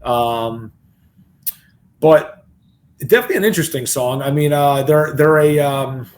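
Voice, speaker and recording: Speaking at a measured pace, this slightly high-voiced co-host of a reaction channel reacts to a song in a casual chat, restarting often as he thinks out loud. A little hiss or hum can be heard.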